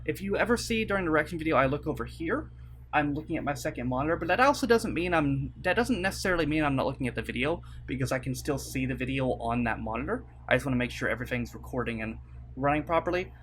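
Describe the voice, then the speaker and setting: A man's voice: on the high side, animated, fast, fairly bright tone, a little hiss or hum. A young man making a casual vlog from his computer desk, rambling with lots of fillers and apologizing. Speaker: YouTuber. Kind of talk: casual vlog talk to camera. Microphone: desk mic at webcam setup.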